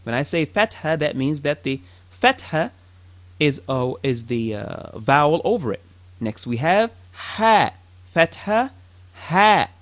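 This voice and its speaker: A man's voice: on the high side, very animated, takes it slowly, fairly bright tone, dry recording. A man teaching a language lesson, patiently drilling each sound and asking the listener to repeat after him. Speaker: Arabic teacher.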